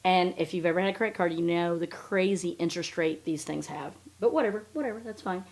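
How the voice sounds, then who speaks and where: A woman's voice: fairly low pitch, quick pace. A woman hosting a podcast, recapping a story in casual, profane, sarcastic commentary and sounding openly incredulous. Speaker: podcast host.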